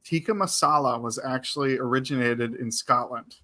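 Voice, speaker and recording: A man with a distinctly bright, forward tone chats enthusiastically on a live online talk show. His pitch sits in an ordinary middle range, and he talks in an easy, casual way. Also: normal speed. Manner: chatty, enthusiastic. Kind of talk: casual live-stream chat.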